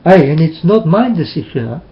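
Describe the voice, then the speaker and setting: A man's voice: fairly high pitch, big pitch swings, brisk, dull audio. A man preaching intense, repetitive warnings into a webcam. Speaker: self-styled preacher. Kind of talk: webcam sermon.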